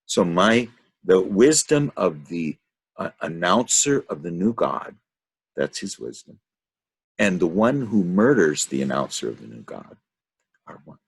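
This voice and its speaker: Deep gravelly man leading a reading group. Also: big pitch swings, a little slow, no echo. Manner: rambling, thinking aloud with many fillers. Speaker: study group leader. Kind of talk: reading and commentary on a text.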